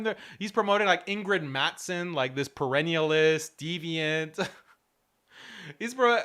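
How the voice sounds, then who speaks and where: A man's voice: a little high, measured pace, a bit bright. A man hosting a show, reacting to clips with mocking commentary and frequent laughter. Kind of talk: casual commentary.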